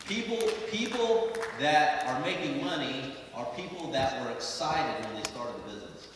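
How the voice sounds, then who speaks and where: A man's voice: on the high side, animated, moderate pace, noisy background. An American man giving a motivational sales speech on stage, emphatic and repetitive as he rallies the audience. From United States. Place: large conference hall. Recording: echoey hall from far off.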